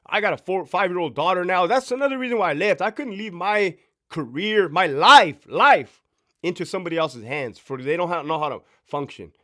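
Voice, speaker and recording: Man in his 30s, former prison sergeant; blunt, profane storyteller, slightly high voice that swings widely in pitch. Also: expressive, brisk, a bit bright. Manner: blunt, profane, emphatic, asks rhetorical questions. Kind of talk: casual storytime monologue.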